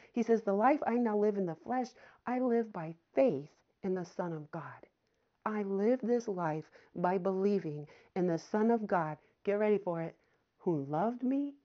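A woman's voice: medium pitch, expressive, normal speed. A woman preaching a sermon with fervour, addressing her listeners as friends and having them repeat phrases after her. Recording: slightly dull, lo-fi audio.

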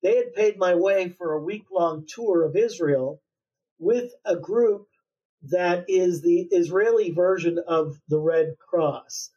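A man author being interviewed, telling a long story in a relaxed way with many fillers and pauses. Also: high-pitched, breathy edge. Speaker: author guest. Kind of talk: conversational interview. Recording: distant, dull lo-fi sound.

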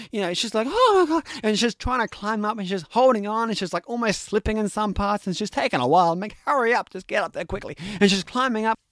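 High-voiced man rambling through a film plot. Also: dry recording, clean studio sound. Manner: rambling, animated retelling with many "like" and "you know". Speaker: podcast talker recapping films. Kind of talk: casual chat.

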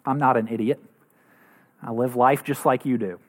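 A man's voice: fairly even intonation, normal speed. A man preaching a sermon as pastor, earnest, acting out quoted voices now and then. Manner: earnest, acts out quoted voices with rising pitch.

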